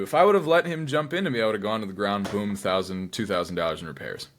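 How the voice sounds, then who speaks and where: Animated storytelling man, low voice. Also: fast, slight background noise. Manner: dramatic, acts out his own inner voice in hushed asides. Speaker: cosplayer guest.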